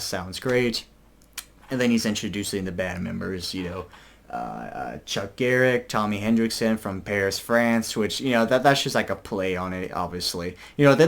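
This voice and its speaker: A young adult man chatting casually in a video review, rambling with lots of fillers. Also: on the low side. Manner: rambling, filler-heavy chat. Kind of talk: casual concert review vlog.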